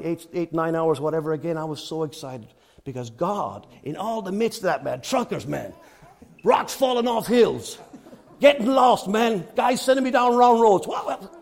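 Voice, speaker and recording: A man with an Irish accent preaching a sermon, swinging between loud excited storytelling and hushed, earnest appeals. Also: sits high, normal speed, vocal fry.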